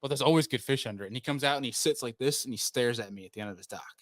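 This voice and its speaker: Podcast host, man; lively storyteller who does the voices of people he quotes; dry close sound. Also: medium pitch, rapid-fire, no echo. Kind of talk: casual chat.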